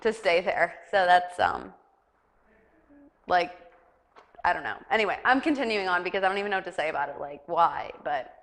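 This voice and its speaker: A woman's voice: lowish voice, sing-song, moderate pace, vocal fry, long pauses, a bit bright. A young woman hosting a casual news chat show, rambling and giggly, with lots of fillers. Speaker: talk show host.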